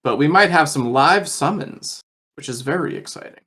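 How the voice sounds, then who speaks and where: A man's voice: on the high side, lively intonation, normal speed, bright, forceful tone. A man co-hosting a casual podcast, running through the agenda with frequent fillers and restarts. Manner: hesitant, many fillers and restarts. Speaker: podcast co-host presenting the agenda.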